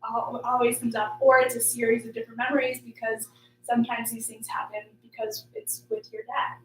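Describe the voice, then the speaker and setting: A woman's voice: a little high, little pitch movement, fairly quick, distant mic, a little hiss or hum. A woman life coach hosting a small workshop group, talking in a chatty, upbeat way with many fillers. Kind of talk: casual group workshop talk. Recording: echoey room, voice from off-mic.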